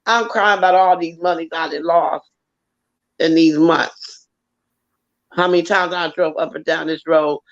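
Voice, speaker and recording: A woman telling a long story in casual chat, animated and swearing freely. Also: low voice, unhurried, pauses often. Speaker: co-host. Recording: dull lo-fi audio.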